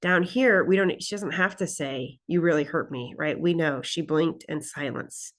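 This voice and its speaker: Woman instructor, lower voice, chatty lecture. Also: unhurried. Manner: conversational teaching, frequent "right?" and "okay?" check-ins; reads example lines aloud expressively. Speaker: college English instructor. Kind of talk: recorded class lecture recap.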